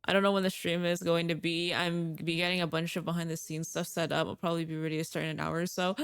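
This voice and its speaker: A woman's voice: fairly low pitch, little pitch movement, fast, smooth, no room sound. A young woman livestreaming a game, chatting in a bubbly way with viewers and reacting aloud to the play. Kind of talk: casual gaming stream chat.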